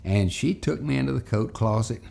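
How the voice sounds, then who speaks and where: A man telling a childhood story as a moral lesson for children and parents, in an animated, folksy way. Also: mid-range voice, moderate pace, gravelly.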